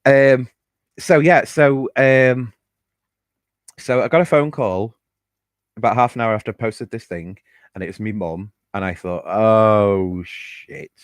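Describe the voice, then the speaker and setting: A man's voice: mid-range voice, a little slow, pauses often, dry recording. A man telling a personal story on a podcast, chatty and candid, with fillers and the odd swear word. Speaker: podcast host.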